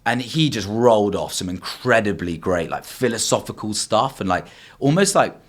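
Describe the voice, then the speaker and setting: Young man, eager and rambling, lowish voice, conversational podcast guest. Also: expressive, normal speed. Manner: enthusiastic, rambling, many fillers. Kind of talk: casual chat.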